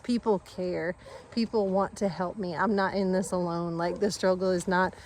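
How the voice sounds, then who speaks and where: A woman's voice: on the low side, steady tone, normal speed, a little hiss or hum. A woman chatting casually to viewers of her farm vlog while she walks outside, rambling and earnest. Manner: rambling, warm, talks to her animals and viewers. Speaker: vlogger on a family farm channel. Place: outdoors on a rural driveway and yard.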